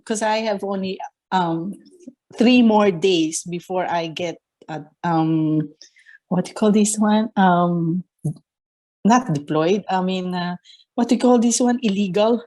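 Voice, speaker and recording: A woman with a Filipino accent tells her story in an interview at a slow, deliberate pace. She hesitates often with fillers and slips into acting out the voices of the people she remembers. Her pitch sits in an ordinary middle range. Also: a little mellow. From Philippines. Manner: hesitant with many fillers, acts out quoted dialogue. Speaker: nurse interviewee.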